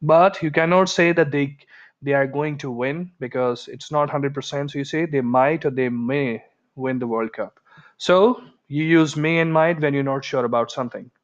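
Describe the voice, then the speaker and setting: A man's voice: a little high, normal speed. A man teaching an English grammar lesson in a chatty way, acting out everyday example dialogues. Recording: dull lo-fi recording.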